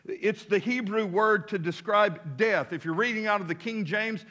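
A man's voice: high-pitched, moderate pace, sharp tone. A man preaching a sermon as pastor, emphatic, with call-and-response to his congregation and casual asides. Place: church.

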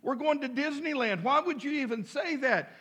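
A man's voice: very high voice, moderate pace, fairly bright tone, pitched above the performer's own voice. A man voicing a puzzled mother questioning her little girl. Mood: incredulous.

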